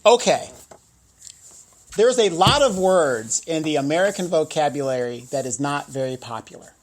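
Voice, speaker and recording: A man in his forties, co-hosting a casual chat show, speaking in a measured, deliberate and outspoken way. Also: fairly high pitch, animated. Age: 40s. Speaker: co-host.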